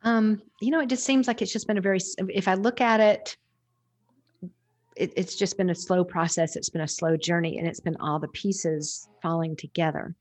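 A woman's voice: lowish voice, steady tone, moderate pace, a little mellow, no room sound. A woman guest on a podcast interview, talking in a reflective, rambling way with restarts.

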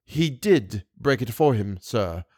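A man voicing a haughty, excitable older woman who keeps a theatre box. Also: mid-range voice, slow, husky, no room sound, clean studio sound. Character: indignant gossipy older woman box-keeper.

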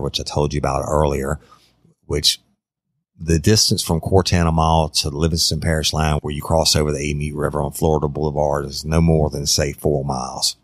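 Male true crime storyteller, very deep gravelly voice, dry close sound, folksy and conversational. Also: level tone, no echo. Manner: conversational, drawn-out, addresses listeners as y'all. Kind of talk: casual true crime narration.

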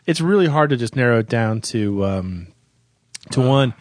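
A man's voice: mid-range voice, lively intonation, moderate pace, dry recording. A man co-hosting a comedic music countdown, tossing out dry, sarcastic one-liners. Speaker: co-host.

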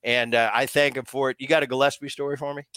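A man's voice: medium pitch, quick pace, clean tone, no echo. Middle-aged guy spinning old stories on a podcast, acts out the voices, dead dry close mic. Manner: animated storyteller acting out quoted dialogue. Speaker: podcast co-host, former ballplayer. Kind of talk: casual storytelling chat.

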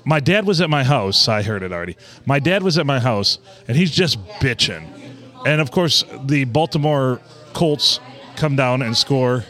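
A man co-hosting a podcast, telling profane, animated stories in casual chat at a bar. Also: mid-range voice, moderate pace, faint music behind. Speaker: podcast co-host. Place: bar on a Monday night.

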